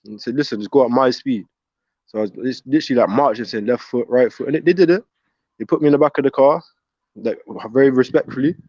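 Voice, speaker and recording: Fast-talking man on a dull line. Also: mid-range voice, darkish tone, breathy edge, no echo. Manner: fast, repetitive, stumbling. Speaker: caller speaking from a psychiatric ward. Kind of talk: rambling casual chat.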